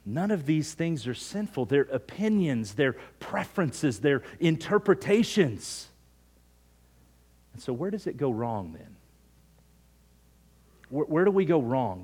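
In a mid-range voice, a middle-aged man preaches as pastor, bringing energy to everyday stories. He lowers his voice to hushed near-whispers when he wants emphasis.

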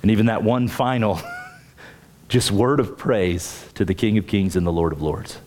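A man's voice: moderate pace, a little mellow. Emphatic man preaching a sermon. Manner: emphatic, rising pitch on key points, repeats words when starting phrases. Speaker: pastor.

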